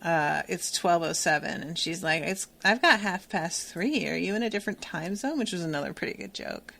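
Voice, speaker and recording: A woman's voice: on the low side, lively intonation, normal speed, gravelly, pushed and bright. A woman co-hosting a podcast, chatting casually and retelling scenes with acted-out quotes and frequent laughs. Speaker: podcast co-host. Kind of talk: casual chat recapping a TV episode.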